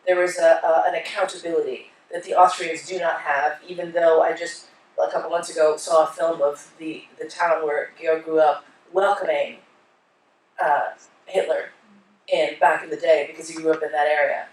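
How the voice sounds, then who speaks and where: Her low voice moves at normal speed as she gives a keynote in a conference hall, chatting with the audience and animatedly voicing characters in her stories. The sound is distant and echoey.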